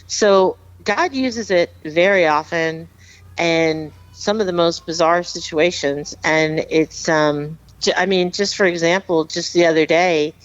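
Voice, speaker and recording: A woman's voice: on the low side, measured pace, no room sound, dull audio. Earnest woman telling a heartfelt story. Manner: earnest, emphatic, repeats herself. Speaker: podcast guest. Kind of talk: heartfelt storytelling, casual chat.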